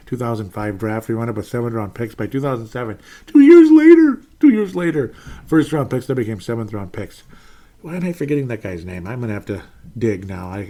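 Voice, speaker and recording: A man's voice: lowish voice, darkish tone. A man in his forties, maybe, hosting a casual live sports show, rambling, self-deprecating and exasperated as he reads chat comments. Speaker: podcast host reading chat comments.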